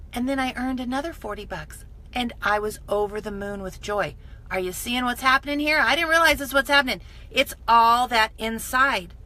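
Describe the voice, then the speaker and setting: Woman, motivational live stream, phone mic, emphatic, bright tone. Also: fairly high pitch. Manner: enthusiastic, emphatic, builds with repetition. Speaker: direct-sales business mentor.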